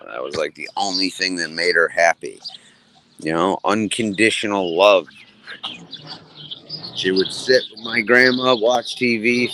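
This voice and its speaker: A man's voice: on the low side, slight background noise. A man in casual conversation, telling a rambling story full of swearing and laughter. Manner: profane, laughing, animated storyteller.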